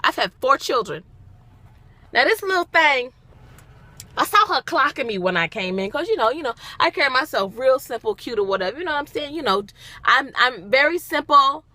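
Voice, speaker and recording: A young woman tells a story to her phone camera in a bright, sharp voice that swoops high and low. She talks in a casual, dramatic way, repeating lines for emphasis. Her voice sits fairly high. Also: sing-song, normal speed. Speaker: vlogger.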